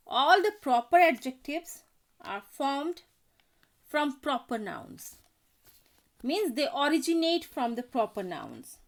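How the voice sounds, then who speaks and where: A woman teaching an English grammar lesson, reading out example sentences in a careful, deliberate way. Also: high-pitched. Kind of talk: slow scripted grammar lesson.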